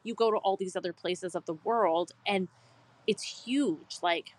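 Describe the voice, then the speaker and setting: A woman's voice: medium pitch, unhurried. A woman co-hosting a casual podcast chat, teasing and playful. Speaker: podcast co-host.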